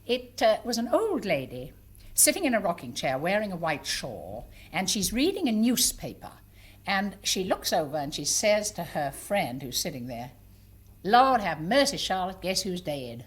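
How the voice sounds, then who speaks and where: Older woman entertainer, husky and lively, chatting to a theatre crowd. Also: lowish voice, moderate pace. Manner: chatty and amused, with small hesitations. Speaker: stage entertainer and monologue writer. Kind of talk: anecdotal stage talk. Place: live theatre before an audience.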